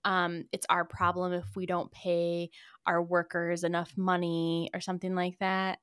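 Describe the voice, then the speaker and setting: A woman's voice: lowish voice, completely flat delivery, measured pace, a bit bright, clean tone, no echo, studio quality. Blunt laughing woman podcast co-host. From United States. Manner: blunt, laughing, swears freely. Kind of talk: casual chat.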